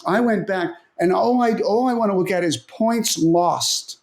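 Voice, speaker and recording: A man's voice: sits high, a little slow. A man who coaches tennis strategy, telling stories animatedly in a casual interview and often repeating words as he thinks. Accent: Australian.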